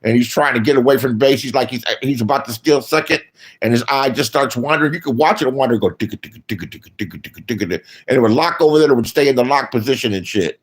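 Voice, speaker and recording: A streamer rants fast and casually through his commentary, blunt and profane, swinging from low mutters to loud outbursts.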